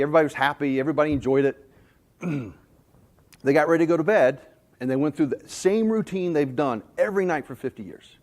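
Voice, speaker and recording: A man's voice: medium pitch, darkish tone. A man from North Carolina giving a sales talk at a conference, telling folksy anecdotes and stories to a live audience. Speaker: sales trainer. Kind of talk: conference presentation.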